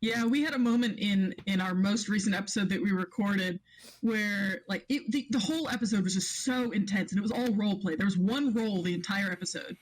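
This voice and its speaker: A woman's voice: mid-range voice, fairly quick, rough recording. Rambling woman guest telling game stories. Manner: rambling, with many restarts and laughs. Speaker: podcast guest and game master. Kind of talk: casual podcast chat.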